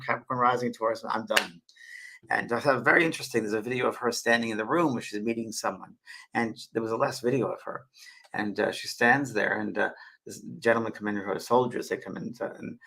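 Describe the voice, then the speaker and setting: A man hosting a casual live stream, answering viewers' questions in a rambling, halting way and often repeating his words. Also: medium pitch, creaky, pushed and bright, poor audio. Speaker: host and spiritual medium.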